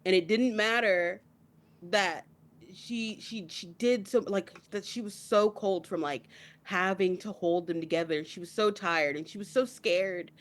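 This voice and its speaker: A woman's voice: mid-range voice, measured pace. Young woman podcast co-host, teary, intense casual chat. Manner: emotional, builds to tearful outbursts. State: crying.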